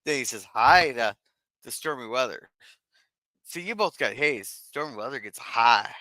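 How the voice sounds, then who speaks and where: A man hosting a casual livestream, reading viewer messages aloud in a chatty, halting way. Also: mid-range voice, animated, pushed and bright, no echo. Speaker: stream host reading chat.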